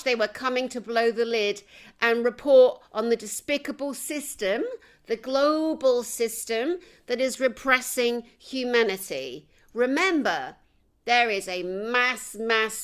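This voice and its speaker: Emphatic woman, higher voice. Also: fairly bright tone. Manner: emphatic, repeats words for effect. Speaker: journalist and conference host. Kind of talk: impassioned to-camera commentary.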